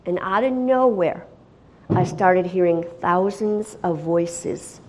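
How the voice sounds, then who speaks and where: Speaking slowly in a lowish voice, this middle-aged missionary woman gives her testimony with theatrical flair, dropping to near-whispers before surging into loud, excited bursts.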